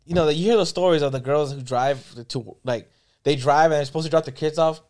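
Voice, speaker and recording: Fast-talking rambling young man. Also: on the high side, darkish tone. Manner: rambling with many restarts and swearing. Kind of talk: casual chat.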